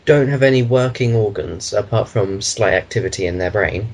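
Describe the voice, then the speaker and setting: Husky-voiced man rambling casually. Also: lowish voice, moderate pace, a little mellow, poor audio. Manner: rambling, meandering explanations. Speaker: podcast co-host. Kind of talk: casual chat.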